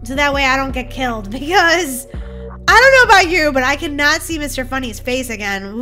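Woman host, high-pitched and very lively, giggly excitable game commentary with sudden shrieks. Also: unhurried, soft background music. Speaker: gaming channel host. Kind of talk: playful gameplay commentary.

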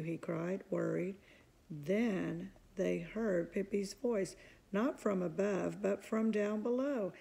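Gravelly, husky woman reading a storybook. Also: medium pitch, takes it slowly, dark tone. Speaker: storybook reader. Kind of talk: reading a children's book aloud.

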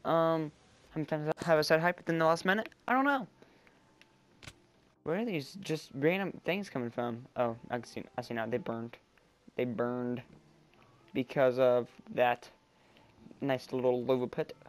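A man giving chatty let's-play commentary, rambling and getting excited as he plays. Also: mid-range voice, moderate pace. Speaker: gameplay commentator. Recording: quiet background music. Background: faint background music.

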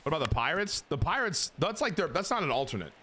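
A young man streaming a baseball video game, giving crude, excitable commentary that jumps into high squeals. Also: quick pace, background noise. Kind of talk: casual gameplay commentary.

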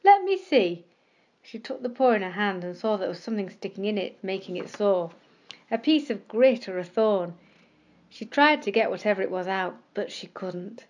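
A woman with a mid-pitched voice narrates a bedtime story gently and expressively. She draws out the words she wants to stress. The recording is slightly muffled and lo-fi. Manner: gentle, expressive, slowing for emphasis.

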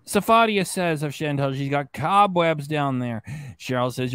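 Rambling livestream host. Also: male voice, on the high side, lively intonation, unhurried, a bit bright, smooth, dry recording. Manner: mocking, rambling, repeats himself. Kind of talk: livestream reaction, reading viewer chats.

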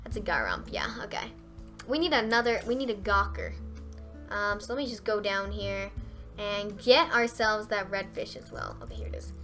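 A young woman streaming a fishing game live, chatting straight to her viewers and breaking into squeals and shouts when she gets excited. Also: medium pitch, normal speed, faint music behind. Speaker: gaming streamer.

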